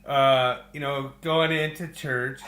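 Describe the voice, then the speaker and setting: A man hosting a football podcast in casual chat, talking in a relaxed way with many fillers. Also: mid-range voice, takes it slowly, reverberant. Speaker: podcast host.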